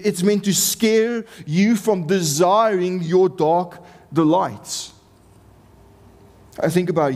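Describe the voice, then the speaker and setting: A man delivers a sermon in a slightly raised register, speaking slowly and deliberately. He presses his points with earnest, impassioned repetition. His voice carries the long reverb of a large hall. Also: sits high, darkish tone. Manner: earnest, impassioned, repeats phrases for emphasis. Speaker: preacher.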